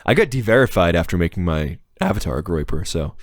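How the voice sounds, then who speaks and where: Man, low voice, very lively pitch, dry close sound, sarcastic podcast host. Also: a little fast, dry recording. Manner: mocking, sarcastic, repeats words while searching. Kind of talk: casual political podcast chat.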